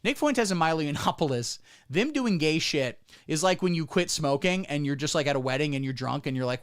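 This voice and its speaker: A man's voice: fairly high pitch, lively intonation, fairly quick, smooth, no echo, studio quality. A man hosting a comedic livestream from Ohio, talking in a rambling, irreverent, sarcastic way.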